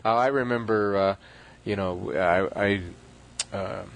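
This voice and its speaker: A man's voice: fairly low pitch, fairly even intonation, unhurried, crowd noise, poor audio. A middle-aged man hosting a radio talk show, chatting casually with many fillers and easy laughs. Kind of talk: casual chat. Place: restaurant.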